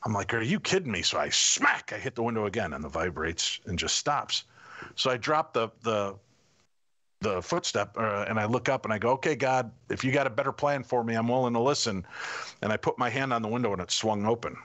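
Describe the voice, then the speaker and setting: A middle-aged man, a podcast guest, telling a personal story in a lively way and acting out what people said. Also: on the low side, brisk. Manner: animated anecdotal storytelling, acting out quotes. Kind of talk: casual storytelling.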